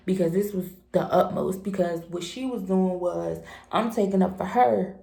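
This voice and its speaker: A woman in her twenties telling a storytime vlog in a heated, profane, animated way. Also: medium pitch, normal speed, creaky, hardly any pauses. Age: 20s. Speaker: vlogger. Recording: echoey room.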